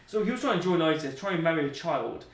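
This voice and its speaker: A man's voice: fairly high pitch, lively intonation, fast. Joking, rambling man. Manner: joking, rambling storyteller in slang. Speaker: interview guest. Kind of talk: anecdotal storytelling. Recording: roomy, distant mic.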